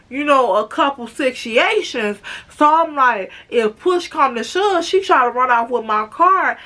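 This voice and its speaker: Young woman, storytime vlog, dramatic and chatty, slow unhurried delivery. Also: high voice, bright, forceful tone. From Chicago, USA. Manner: dramatic, chatty, keeps calling viewers "girl". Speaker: vlogger.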